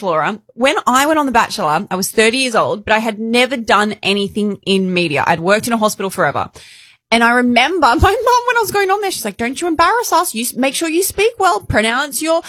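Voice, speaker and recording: An animated woman in her thirties co-hosts a podcast and teases her friends. Her voice sits a little high and jumps around a lot. The studio sound is dry and close. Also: dry recording. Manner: animated, teasing, laughs a lot. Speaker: podcast co-host. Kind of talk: casual storytelling chat.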